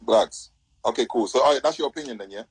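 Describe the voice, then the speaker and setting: A husky man talks quickly and presses the other speaker with one question after another. His voice sits at an ordinary pitch and comes through a phone or laptop on a live stream call. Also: poor audio. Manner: demanding, cuts in with repeated questions. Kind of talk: heated live stream argument.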